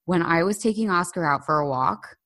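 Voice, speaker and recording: Chatty woman with a lowish voice. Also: brisk. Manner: chatty, storytelling, animated quoted voices. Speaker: podcast co-host. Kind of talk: casual chat. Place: living abroad in Britain.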